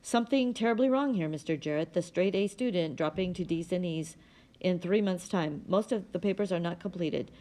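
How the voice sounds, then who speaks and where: A woman reading the lines of a concerned male school official in a grave, measured way. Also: fairly low pitch, dark tone, lightly acted.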